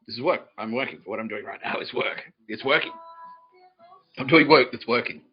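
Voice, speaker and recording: A man hosting a solo comedy podcast, rambling deadpan and profane, often laughing at his own jokes. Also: medium pitch, a little fast, soft background music. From Australia. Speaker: podcast host. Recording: dull lo-fi recording.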